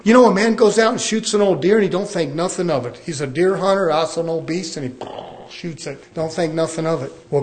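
High-voiced fiery preacher. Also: male voice. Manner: preachy, rhetorical questions, swings between loud and hushed. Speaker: pastor. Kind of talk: fiery sermon.

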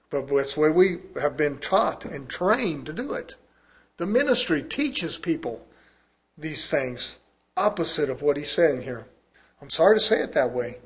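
Man preaching, high voice, loud slow scripture reading, hushed asides. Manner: reads scripture in slow, drawn-out emphasis.

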